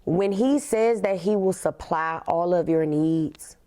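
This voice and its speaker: A woman's voice: fairly low pitch, dark tone. Emphatic woman telling her own story. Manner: emphatic, repeats "literally", stretches key words slowly. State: tearful. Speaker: podcast host. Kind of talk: personal storytelling monologue.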